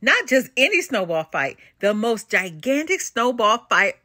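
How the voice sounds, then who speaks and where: An older woman reads a children's storybook aloud, full of expression. Her voice is bright and lively, a bit high for a woman, and recorded close and dry. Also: unhurried, dry recording. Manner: expressive and animated. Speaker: storybook reader. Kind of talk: children's read-aloud narration.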